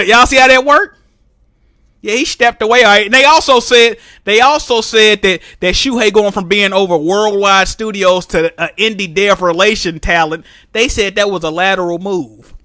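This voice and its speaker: A man hosting a live stream, trash-talking loudly and laughing often in casual banter. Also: sits high, moderate pace, no echo, studio quality. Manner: loud, mocking trash talk with frequent laughter. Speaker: streamer host.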